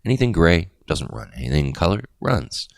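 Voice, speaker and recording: A man's voice: low voice, sing-song, a little fast, gravelly, dry recording. A middle-aged man hosting a crypto video, explaining in a casual, rambling way with jokey asides.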